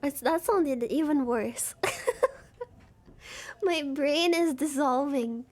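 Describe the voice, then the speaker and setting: A sleep-deprived woman streaming a game live, giggly and excitable, chatting and thanking viewers. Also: high voice, takes it slowly. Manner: giggly, excitable, switches into silly voices.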